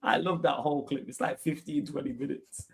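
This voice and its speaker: A man's voice: a little high, fairly even intonation, brisk, creaky, husky. A man hosting a live online chat, bantering and laughing with slang. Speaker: host. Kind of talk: casual live stream chat.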